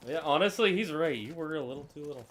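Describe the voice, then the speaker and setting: A man's voice: a little high, animated, racing, fairly bright tone. A man chatting casually on a game stream, dry and a bit hesitant, with many fillers. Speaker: stream co-host. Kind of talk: casual chat while gaming.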